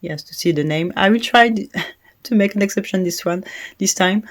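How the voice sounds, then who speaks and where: A woman speaking English with a French accent, her voice in a middle register. She talks in a casual, chatty way, pausing with little hesitations and soft laughs as she reviews products. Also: mid-range voice. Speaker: fragrance reviewer.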